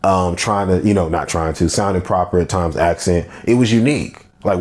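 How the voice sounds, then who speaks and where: Deep-voiced Texan country man hosting. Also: brisk, hardly any pauses, a little mellow. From Texas, USA. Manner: candid and blunt, loose and conversational. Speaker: podcast host. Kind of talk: solo podcast monologue.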